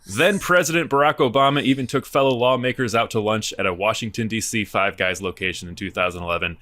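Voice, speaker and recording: A man's voice: on the low side, fast, sharp tone, no echo. A man co-hosting a comedy podcast, reading a top-five list with mock enthusiasm and laughing. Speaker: podcast co-host.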